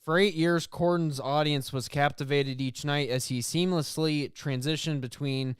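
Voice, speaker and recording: A man's voice: a little high, fairly even intonation, moderate pace, clear, resonant tone, no echo, clean studio sound. A man co-hosting a casual podcast, reading news headlines aloud and joking, laughing often. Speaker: podcast co-host.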